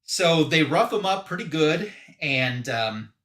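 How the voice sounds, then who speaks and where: A man's voice: on the high side, sing-song, slow, a bit bright, roomy sound. A man hosting a live show, casually retelling a comic story in a rambling way full of fillers. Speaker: podcast host.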